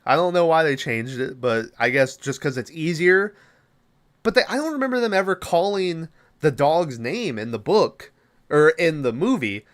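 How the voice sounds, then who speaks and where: A man's voice: fairly high pitch, a bit bright. A man hosting a podcast, recapping a movie in a rambling, casual way, full of filler words and swearing. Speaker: podcast host.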